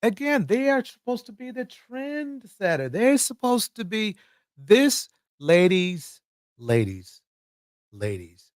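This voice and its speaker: A man's voice: very high-pitched, lively intonation, a little slow, dry recording, clean studio sound. A man hosting livestream commentary, emphatic and repeating words for effect. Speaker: commentary host.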